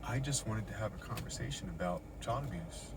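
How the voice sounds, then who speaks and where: A man's voice: on the low side, lively intonation, brisk, very noisy. A shaken middle-aged man in a parked car, giving an agitated account with swearing and repetition, recorded on a phone. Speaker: vlogger recounting an encounter. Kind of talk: agitated first-person account. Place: inside a parked car in a parking lot.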